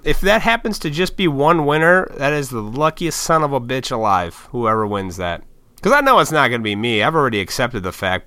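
Profane rambling man, crisp and dry. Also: mid-range voice, sharp tone, dry recording. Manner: rambling, profane, laughs often. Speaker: podcast host. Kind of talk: casual solo monologue.

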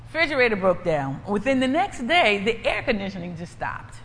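A woman's voice: mid-range voice, sing-song, fairly quick, fairly bright tone. A woman preaching and giving a personal testimony in an emphatic, repetitive, conversational way. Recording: echoey hall, faint ambient noise.

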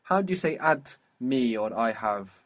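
A man teaching a language lesson, patiently drilling words and saying them slowly and clearly. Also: medium pitch, lively intonation.

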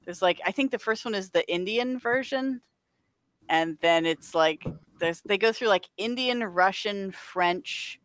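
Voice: medium pitch, a little slow, a bit bright, dry recording. A podcast co-host in casual chat, rambling with many filler words and frequent laughs. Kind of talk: casual chat about a video game.

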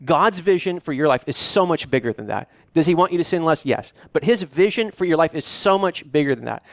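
A man's voice: a little high, lively intonation, fairly quick, vocal fry, no echo. A man preaching a sermon as pastor, earnest and often repeating and restarting his words.

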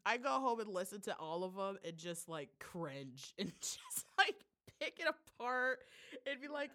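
A woman's voice: medium pitch, sing-song, moderate pace, bright, forceful tone. A woman from Michigan hosting a casual podcast, bubbly and playful, laughing often. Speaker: podcast host. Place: Chicago.

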